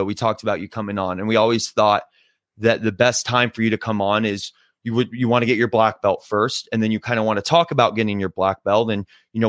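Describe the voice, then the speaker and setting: A man's voice: fairly low pitch, a bit bright, no room sound, clean studio sound. A young man hosting a podcast in casual interview style, friendly and upbeat, with lots of "you know" and "right". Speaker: podcast host.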